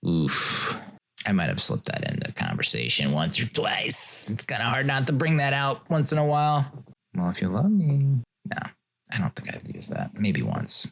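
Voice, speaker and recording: A man's voice: medium pitch, huge pitch swings, moderate pace, vocal fry, a bit bright. A man hosting a casual solo podcast, rambling and joking, often chuckling as he talks. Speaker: podcast host.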